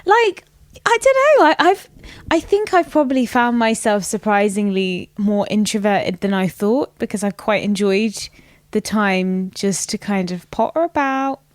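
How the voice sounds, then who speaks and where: A woman's voice: mid-range voice, expressive, unhurried, dry recording. A woman as a podcast guest in casual chat, rambling and laughing often, full of "like" fillers.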